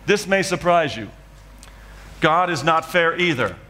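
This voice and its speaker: A man's voice: a little high, lively intonation, measured pace, sharp tone, big-room sound, slight background noise. A man preaching a dramatic testimony in church, acting out scenes from his story. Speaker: guest preacher. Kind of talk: sermon testimony.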